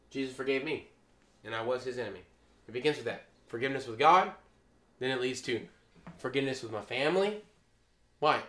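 A man preaching a sermon, emphatic and moving between loud and quiet. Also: on the high side, reverberant.

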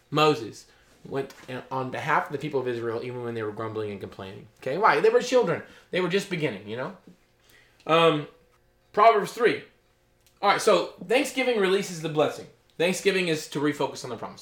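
High-pitched guy preaching, reads verses then riffs on them, keeps asking "okay?", roomy echo. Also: a bit bright. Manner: reads scripture aloud, then explains in loose asides; checks in with listeners with "okay?" and "you know?". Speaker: pastor. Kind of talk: sermon. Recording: echoey room.

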